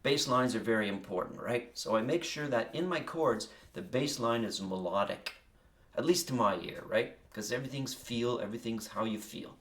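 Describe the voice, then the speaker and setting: A man's voice: mid-range voice, normal speed, a bit bright. A man walking through his songwriting process in a casual, rambling way, often breaking off mid-thought and musing aloud. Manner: rambling, self-interrupting, musing asides. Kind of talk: casual spoken walkthrough.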